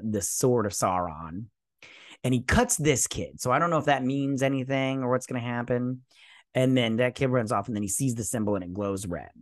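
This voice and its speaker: A man's voice: medium pitch, no echo, clean studio sound. Crude, rambling male show reviewer. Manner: crude, mocking, loose paraphrase; hesitant, searching for names. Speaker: host of a TV review channel. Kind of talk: casual episode recap and review.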